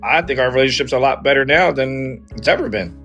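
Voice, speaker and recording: A man in his forties chats casually as a podcast co-host, relaxed and hedging with little fillers. His tone is bright and forward. Faint music sits underneath. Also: mid-range voice, fast. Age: 40s. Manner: laid-back, hedging with "you know". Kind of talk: casual chat.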